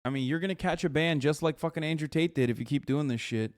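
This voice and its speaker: A man's voice: a little high, fast talker, a little mellow. A man in his thirties, a streamer reacting to clips with an exasperated, swearing rant. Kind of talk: casual reaction commentary.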